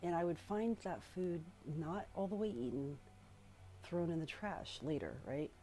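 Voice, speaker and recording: A young woman telling a personal story in a casual, rambling way, often pausing, restarting and swearing. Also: lowish voice, expressive, warm tone. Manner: rambling, halting, with frequent swearing.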